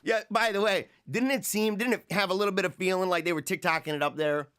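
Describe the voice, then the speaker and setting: A man's voice: high voice, steady tone, quick pace, a bit bright, smooth. A man hosting a livestream show, chatting casually, rambling, mocking and laughing often as he reads viewer comments. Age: adult, married with young children.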